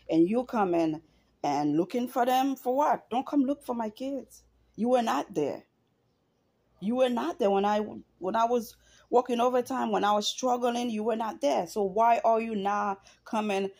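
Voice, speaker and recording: A woman's voice: on the high side, normal speed, darkish tone. Passionate woman in an earnest monologue. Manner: passionate, earnest, repeats herself for emphasis. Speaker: vlogger. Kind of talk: emotional personal monologue.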